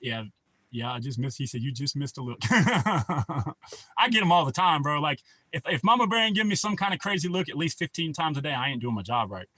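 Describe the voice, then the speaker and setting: Man, livestream host, crude rambling stories, bright forceful voice, dry close sound. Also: medium pitch, sing-song, fast, dry recording. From North Carolina. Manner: profane rambling storyteller who laughs at his own jokes. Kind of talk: casual livestream chat.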